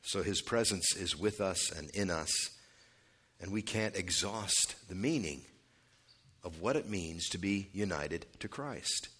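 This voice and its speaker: A fairly low-pitched man delivers an expository sermon from the pulpit. He talks conversationally with small asides and fillers, then presses his key words with sudden rises and falls for emphasis. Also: animated, a little slow, bright, forceful tone, breathy edge. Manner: emphatic, rising and dropping for stress. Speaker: pastor.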